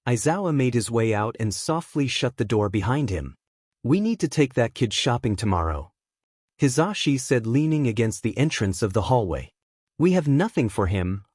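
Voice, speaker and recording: Male narrator, mid-pitched, dead-dry close recording, steady storybook read. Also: no echo. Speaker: fanfiction reader. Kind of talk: scripted narration.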